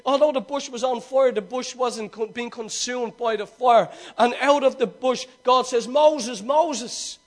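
A man pastor preaching an animated sermon, repeating himself and restarting, swelling at times to shouts. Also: extremely high pitch, normal speed, hardly any pauses.

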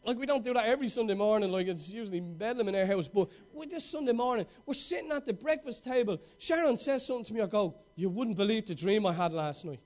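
A middle-aged man preaching a sermon with passion, telling stories and swinging between loud outbursts and hushed moments. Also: sits high, lively intonation, fast, hardly any pauses.

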